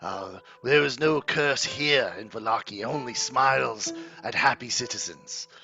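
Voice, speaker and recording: A man voicing a pompous, falsely cheerful male baron who rules a town, loud and grand and curt with his wife. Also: medium pitch, unhurried, gravelly, muffled recording, faint music behind. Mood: grandly cheerful.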